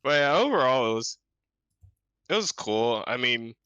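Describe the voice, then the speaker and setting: A man co-hosting a casual gaming podcast, easygoing and quick to laugh. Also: medium pitch, very animated, bright, forceful tone, clean tone, no room sound, muffled recording. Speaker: podcast co-host.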